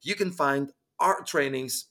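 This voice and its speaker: A man's voice: mid-range voice, measured pace, bright, forceful tone. A man co-hosting a podcast in a casual chat, with brief, easygoing replies. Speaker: podcast co-host.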